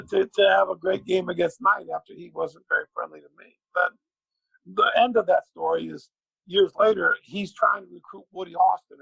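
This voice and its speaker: A middle-aged man, a former basketball player, telling a long anecdote with lively acted-out quotes. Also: high voice, vocal fry, slightly rough, no echo, rough recording. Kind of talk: animated storytelling.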